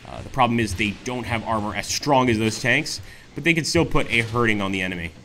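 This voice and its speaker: Bright-voiced man commenting on a strategy game. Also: lowish voice, a little hiss or hum. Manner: thinks aloud with frequent filler pauses. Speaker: gaming video host.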